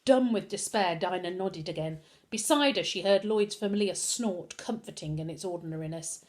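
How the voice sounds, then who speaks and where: A woman reading a children's novel aloud with expressive storytelling. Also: lowish voice, moderate pace. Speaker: reader.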